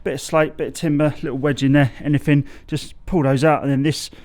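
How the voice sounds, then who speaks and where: A bricklayer vlogger chats casually on an outdoor building site, explaining his work while often losing his thread and correcting himself. His fairly high voice is level and a little mellow, moving slightly fast.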